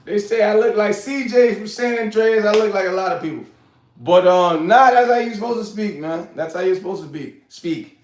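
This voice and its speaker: A man's voice: high voice, moderate pace, echoey room. A man in his forties, hosting his own show, talking casually to the camera with frequent laughs and a lot of "you know what I'm saying". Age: 40s. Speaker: host.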